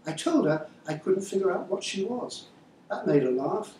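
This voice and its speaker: A man reading his novel aloud in a measured, wry way, then answering interview questions. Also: high-pitched, sing-song, a little mellow, a little hiss or hum. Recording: echoey room, far-off mic, faint ambience.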